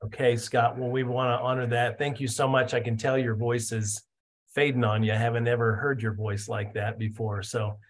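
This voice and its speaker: A man's voice: mid-range voice, little pitch movement, moderate pace. A man hosting a team video call, upbeat and encouraging as he invites others to speak. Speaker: meeting host.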